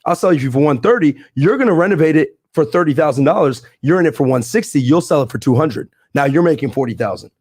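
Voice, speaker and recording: A man's voice: on the high side, expressive, a little mellow, breathy edge, no room sound, studio quality. A young man, a podcast guest, telling his story and explaining deals in emphatic, slangy casual talk. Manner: fast, emphatic, street slang. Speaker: podcast guest, real estate investor.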